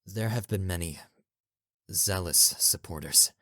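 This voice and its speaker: A man voicing a calm, somber, worried unicorn father in a fan audio drama. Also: low voice, a little slow, no room sound, studio quality.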